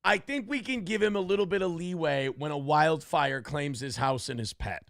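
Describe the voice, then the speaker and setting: A man's voice: on the high side, normal speed, vocal fry, fairly bright tone, dry recording, studio quality. A man hosting a morning show, riffing on a news clip in a crude, profane, mocking rant. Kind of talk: comedic commentary on a news clip.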